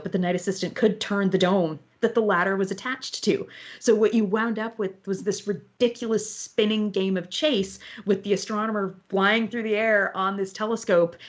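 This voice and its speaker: A woman astronomer and author, a guest in an online interview, telling lively stories from observing. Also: mid-range voice. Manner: lively anecdotal storytelling.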